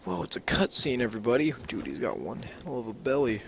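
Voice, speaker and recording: A man's voice: mid-range voice, huge pitch swings, fast talker, gravelly, a bit bright. Young man, gameplay commentary, rambling asides, background noise. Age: young adult. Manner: joking, chatty, rambling asides to viewers. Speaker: let's play gamer. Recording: noisy home recording.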